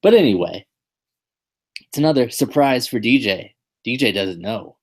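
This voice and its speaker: A man's voice: mid-range voice, lively intonation, normal speed. A man hosting a podcast in casual chat, joking and rambling with fillers and restarts. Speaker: podcast host.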